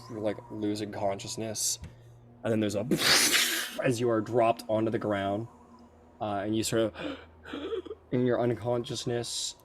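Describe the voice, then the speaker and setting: A man's voice: fairly low pitch, flat delivery, normal speed, background noise. A man narrating a tabletop game as game master, loose and full of fillers.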